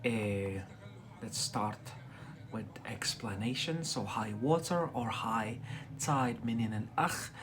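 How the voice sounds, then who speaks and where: A man from Algeria, giving a live-streamed English lesson, talking deliberately and checking in with "yeah?" after most phrases. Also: on the low side, background noise. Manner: deliberately slow, frequent "yeah?" check-ins. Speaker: English tutor livestreamer.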